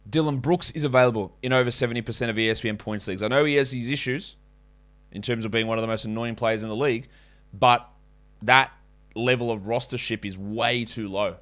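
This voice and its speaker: A man talks casually through his podcast. He jumps into quick asides and corrects himself on the fly. His pitch sits mid-range for a man. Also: a bit bright. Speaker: fantasy basketball podcast host. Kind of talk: casual podcast talk with ad reads.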